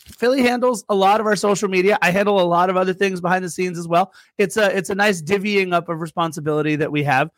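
A man with a high-pitched voice talks quickly on a dry recording with no echo. Co-hosting a casual soccer podcast, he playfully ribs his partner and reads out sponsor plugs in easygoing chat.

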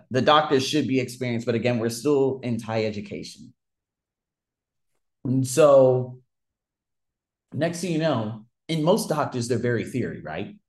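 A man in the middle of an angry, profanity-laced rant, telling his story straight to the listener. His voice sits at an average pitch. His sentences break off and restart as his frustration boils over. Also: darkish tone. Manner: heated, profane ranting with frequent restarts. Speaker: vlogger telling a personal story. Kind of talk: casual unscripted monologue.

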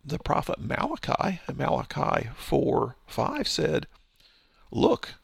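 Gravelly, husky man teaching Scripture. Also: medium pitch, fairly bright tone, no echo. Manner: conversational, explanatory, with fillers and restarts. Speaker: Bible teacher. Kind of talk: verse-by-verse Bible teaching.

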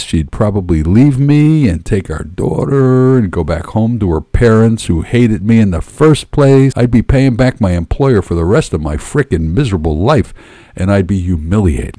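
Man, first-person storytelling, dramatic and wry, mellow low voice, dry sound, faint music behind. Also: no room sound.

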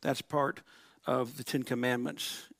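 A man's voice: mid-range voice, flat delivery, unhurried, creaky, a bit bright, no echo. A middle-aged man preaching a sermon to his congregation in a church, telling stories and acting out quotes. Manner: storytelling with laughs and acted-out quotes. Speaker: pastor.

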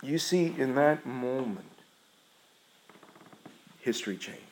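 A man's voice: mid-range voice, slight background noise, low-quality recording. A man preaching a sermon, retelling a scripture story in an earnest, emphatic way.

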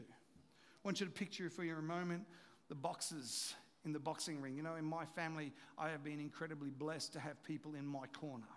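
A man preaching a sermon as pastor, emphatic and full of rhetorical questions, dropping to a quiet voice for stories. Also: on the high side, big-room sound.

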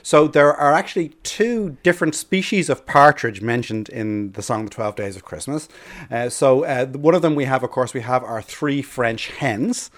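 An Irish man, a bird expert and radio guest, explaining keenly in casual chat, often restarting and repeating words. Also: medium pitch. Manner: fast, eager, with many restarts and repeated words.

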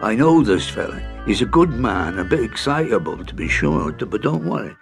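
A man's voice: lowish voice, big pitch swings, moderate pace, vocal fry, faint music behind. A man voicing a cheeky, jolly leprechaun with a Scottish accent in a storybook reading. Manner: jolly, chuckling.

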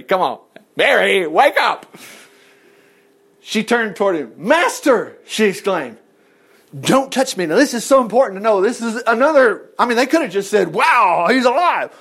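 A man with a fairly high voice preaches to his congregation, reading scripture and then breaking off into casual asides. His pitch swings widely as he moves between verse and commentary. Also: very animated, moderate pace, fairly bright tone.

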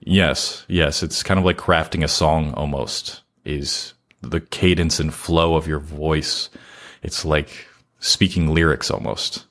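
A man being interviewed on a podcast, earnestly explaining his advice with deliberate pauses. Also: a bass voice, steady tone, a bit bright. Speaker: podcast guest giving advice on content creation. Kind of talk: casual interview chat.

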